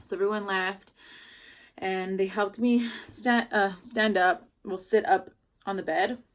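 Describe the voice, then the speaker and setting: A woman's voice: medium pitch, steady tone, a little slow. A young woman, a new mother, telling her own story to camera in a casual, rambling way, with many fillers.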